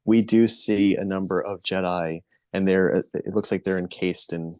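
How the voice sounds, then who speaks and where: A man's voice: low voice, fairly even intonation, normal speed, a little hiss or hum. A man talking as a podcast guest, hesitant, with many ums and restarts. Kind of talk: casual chat.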